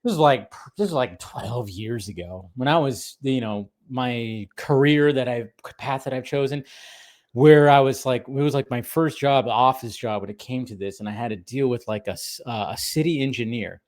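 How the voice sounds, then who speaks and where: A man's voice: mid-range voice, moderate pace, a little mellow. Laughing, rambling man chatting. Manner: rambling, laughs often, restarts sentences. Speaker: podcast co-host. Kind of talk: casual chat reviewing a cartoon episode.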